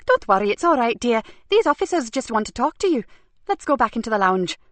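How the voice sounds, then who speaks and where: A woman's voice: big pitch swings, fairly quick, a bit bright, no echo. A woman voicing a fussy, protective middle-aged wife who keeps the accounts, speaking in a prim, emphatic, raised voice. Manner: prim, emphatic, slightly high.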